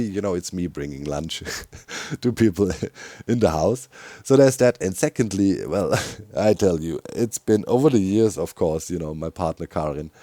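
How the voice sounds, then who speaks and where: Tired German man with low voice. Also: mellow, no room sound. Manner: rambling, chuckling often, many fillers. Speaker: gaming YouTuber. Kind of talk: casual gaming commentary.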